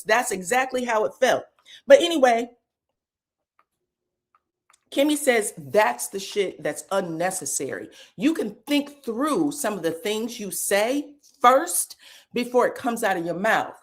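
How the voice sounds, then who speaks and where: Casting note: a woman recapping reality TV in a blunt, animated way, with big pitch swings whenever she quotes the cast. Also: slow. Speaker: reality TV commentator. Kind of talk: casual reaction commentary.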